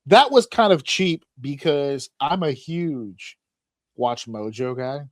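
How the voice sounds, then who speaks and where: A man co-hosts a laid-back podcast, spinning funny stories packed with swearing and acted-out voices. His medium-pitched voice moves slowly, captured in clean studio quality with no echo.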